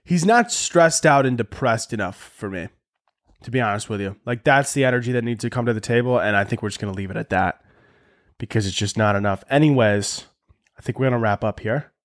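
A man's voice: mid-range voice, brisk. A man hosting a solo podcast, ranting casually and profanely with lots of fillers. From half Italian family. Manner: profane, rambling, animated. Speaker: podcast host.

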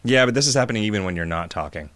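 A man's voice: lowish voice, expressive, rapid-fire, fairly bright tone. A man hosting a podcast, chatting casually and rambling into long jokey explanations. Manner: rambling, joking, explains at length. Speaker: podcast host. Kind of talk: casual chat over a call.

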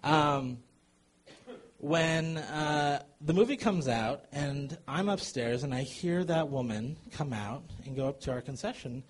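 A man telling a comic true story to a live audience, animated and chuckling as he goes. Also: on the high side, slow, breathy edge.

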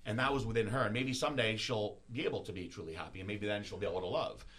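A man hosting a podcast, talking in a candid, halting, openly emotional way and swearing casually. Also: fairly low pitch, a bit bright. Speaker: podcast host.

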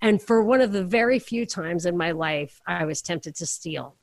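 A woman's voice: lowish voice, normal speed, dry recording, clean studio sound. A middle-aged woman on a podcast, telling rambling, self-deprecating stories in casual chat. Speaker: podcast co-host.

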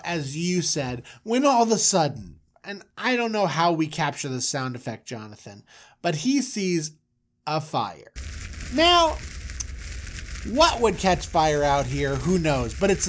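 A podcast host retelling a story in a comic, animated way, with jokey asides to co-hosts. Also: mid-range voice, a little hiss or hum.

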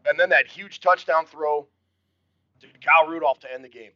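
A man's voice: fairly high pitch, normal speed, sharp tone, soft background music. An older man co-hosting a casual sports talk show, jovial and chatty, often repeating his first words as he starts a thought. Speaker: podcast co-host. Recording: dull lo-fi audio.

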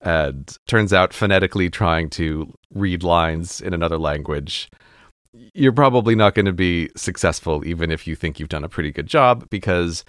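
American man, lowish voice, animated casual chat, laughs a lot, dry close mic. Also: clear, resonant tone, no room sound. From United States.

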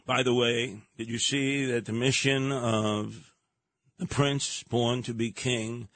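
A man hosting a talk radio show in a sarcastic, animated manner, slipping into mocking voices. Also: mid-range voice, slow, no echo.

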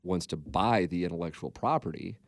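A man with a very low voice talks on a podcast in a loose, rambling way. He is candid and swears often. The sound is dry and close, with no room echo. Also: expressive, fairly quick. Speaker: podcast co-host. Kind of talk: casual podcast chat.

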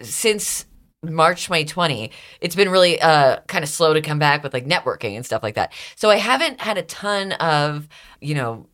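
A woman's voice: sits low, expressive, moderate pace, fairly bright tone. A woman with a Canadian accent, a radio host giving an interview in a chatty, rambling way, laughing often and filling her talk with "like". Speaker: radio host, here the guest. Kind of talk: casual interview chat.

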